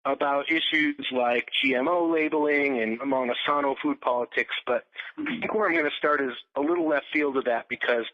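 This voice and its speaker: A podcast host speaks in a relaxed, measured way and leads the conversation to the next topic. His pitch sits in the middle range. The recording is dull and lo-fi. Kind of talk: casual podcast hosting.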